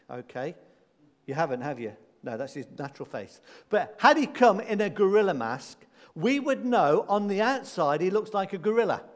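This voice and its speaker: A man preaching a sermon in a church, emphatic, repeating key words and asking rhetorical questions. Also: a little high. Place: church hall. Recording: long church reverb.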